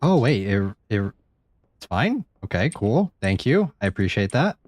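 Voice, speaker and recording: A man's voice: on the low side, sing-song, measured pace, darkish tone, dry recording. Guy streaming a scary game, voice jumps all over, cusses a lot, dead dry mic. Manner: jumpy, swears often, chats to viewers. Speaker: streamer playing a horror game. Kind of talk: live gameplay commentary.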